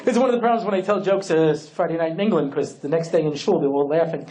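A man giving a humorous religious lecture as a rabbi, telling jokes and swinging between hushed, slow lines and excited bursts. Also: fairly high pitch, a faint crowd, slight background noise.

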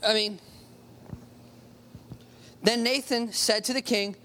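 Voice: medium pitch, fairly even intonation, slow pace, pauses often, sharp tone. Conversational preacher stressing key words. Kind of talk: sermon with Bible reading.

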